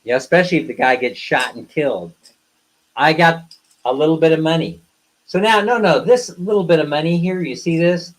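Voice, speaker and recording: A man's voice: a little high, normal speed, rough recording. A man talking casually on a live stream, bluntly ranting at his viewers and then teasing them playfully. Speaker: live streamer, co-host of a couple's channel.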